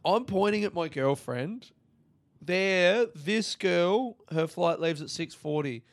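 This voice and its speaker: A young man hosting a podcast, telling a comedic story in an animated, sweary way and acting out other people's lines. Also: high voice, slow pace, no room sound, clean studio sound. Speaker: podcast host.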